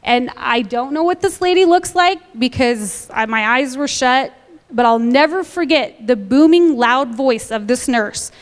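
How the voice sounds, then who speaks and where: A woman in her thirties telling a personal testimony to a church congregation, a lively storyteller who acts out the dialogue. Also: high-pitched, a little slow, big-room sound. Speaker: church member giving a testimony.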